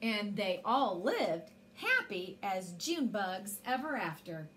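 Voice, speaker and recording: Slow, animated woman reading a bedtime story. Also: mid-range voice, a little hiss or hum.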